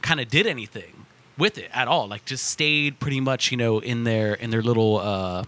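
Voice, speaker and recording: Male co-host, casual hesitant explainer, bright tone. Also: mid-range voice, normal speed. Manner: hesitant, trailing off, casual swearing. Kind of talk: casual podcast chat.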